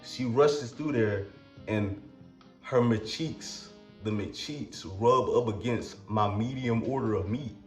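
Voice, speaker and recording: A man telling a comic personal story in a casual, crude, slangy way with halting restarts. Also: mid-range voice, reverberant, soft background music.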